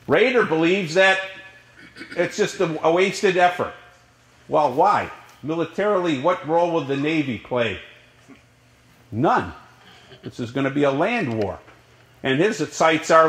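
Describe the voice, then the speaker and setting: A male college history professor giving a lecture, his voice sitting a little high. He keeps the class involved by asking question after question and answering them himself. The sound is roomy and echoes around the classroom. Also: unhurried, pauses often. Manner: lively lecturing with rhetorical questions.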